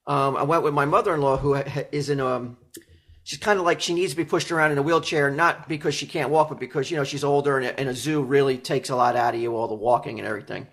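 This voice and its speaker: A man's voice: medium pitch, fairly even intonation, fast, vocal fry, a bit bright. A man co-hosting a casual podcast, dropping in dry jokes and questions before starting his own story. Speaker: podcast co-host. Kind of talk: casual chat.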